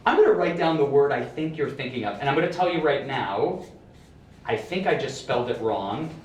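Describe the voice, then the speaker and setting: A young man performing a magic act for a live audience, playful and showy, rising to excited shouts. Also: mid-range voice, fairly quick, slight background noise. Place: residential building elevator lobby. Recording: echoey room, heard from a distance.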